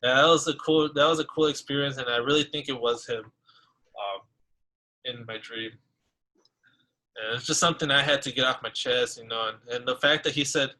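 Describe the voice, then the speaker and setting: Bright-voiced young man telling a story. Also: mid-range voice, steady tone, moderate pace, poor audio. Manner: rambling storytelling with many fillers. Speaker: podcast co-host. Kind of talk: casual podcast chat.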